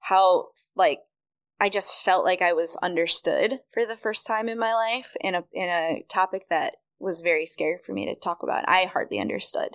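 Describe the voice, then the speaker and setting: Young woman guest, lowish voice, dry close sound; chatty storyteller who slips into quoted voices. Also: normal speed, no echo. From Michigan, USA. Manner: chatty, animated, acts out quoted dialogue. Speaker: podcast guest, running coach. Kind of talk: casual storytelling interview.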